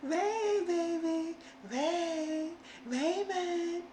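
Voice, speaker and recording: Man doing a falsetto seductive wife. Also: warm tone, exaggerated voice. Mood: coaxing. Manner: high falsetto, drawn-out calling. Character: breathy woman calling her husband seductively. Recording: roomy room with faint hiss, off-mic.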